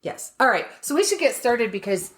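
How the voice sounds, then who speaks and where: A woman's voice: fairly high pitch, sing-song, normal speed, slight background noise. A woman co-hosting a podcast in casual chat, telling stories animatedly, acting out the voices of the people she quotes and laughing a lot. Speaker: podcast co-host. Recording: roomy echo.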